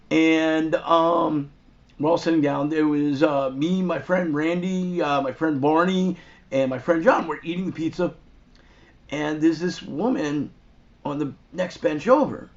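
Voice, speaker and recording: A man hosting and telling a rambling, profane, animated anecdote in a crude comic style. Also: a little high. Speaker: host. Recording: dull lo-fi recording.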